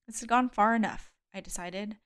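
A woman narrating a first-person thriller audiobook. Her reading is measured and steady, letting the tension build through even pacing. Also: medium pitch, smooth. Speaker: audiobook reader.

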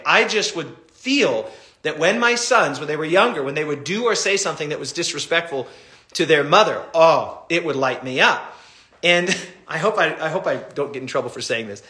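A middle-aged man, a pastor, teaching a Bible study in an animated, impassioned way. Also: on the high side, reverberant.

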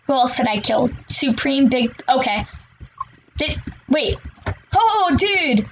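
A woman commentating on her own gameplay, excitable and swearing, with sudden shouts between quieter muttering. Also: sits high, measured pace, lo-fi sound, slight background noise. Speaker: gamer.

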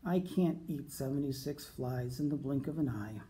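A man's voice: mid-range voice, moderate pace, warm tone, slight background noise, close to an everyday voice. A man voicing a young boy turtle who fibs and then frets about it, earnest and a bit pleading.

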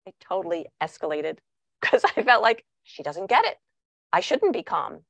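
Lively woman giving a parenting talk. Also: on the low side, moderate pace, creaky, dry recording. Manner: animated, acts out quoted dialogue. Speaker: parenting workshop speaker. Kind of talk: presentational talk.

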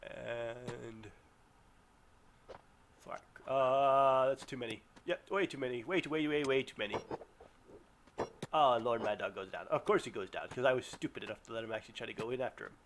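A man commentating his own gameplay, excitable, yelping and groaning as things go wrong. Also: medium pitch, normal speed, long pauses, slight background noise. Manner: excitable, yelps and groans at setbacks. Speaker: let's play gamer. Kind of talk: live game commentary.

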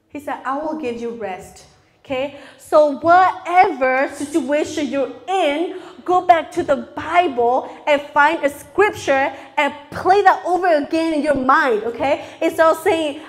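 High-voiced woman preaching in English, her third language. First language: not English (English is her third language). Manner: earnest, confessional, asks the audience "okay?" often. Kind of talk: sermon.

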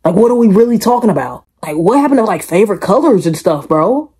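A woman's voice: mid-range voice, fast talker, breathy edge. A woman hosting a reaction video, chatting casually and emphatically to her viewers and repeating her points. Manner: animated, emphatic, repeats herself, addresses viewers directly.

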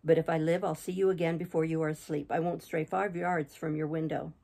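A woman's voice: deep voice, little pitch movement, a little fast, vocal fry, dark tone. A woman reading an anguished, passionate young man, voicing a fierce lover with intense, reproachful words. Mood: urgent.

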